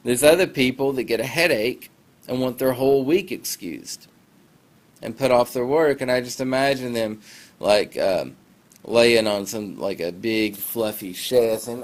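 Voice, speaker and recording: Livestreaming on his phone, a male teacher gives class announcements in a relaxed, rambling fashion, poking fun at himself. He speaks at a moderate pace in a fairly low voice. His manner is conversational and wandering, sprinkled with self-deprecating comments.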